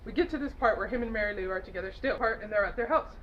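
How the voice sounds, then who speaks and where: A woman's voice: mid-range voice, very fast. A woman retelling a film plot in a loose, giggly way, full of fillers and self-corrections. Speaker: movie reviewer. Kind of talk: casual rambling movie recap. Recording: dull lo-fi home recording with faint noise.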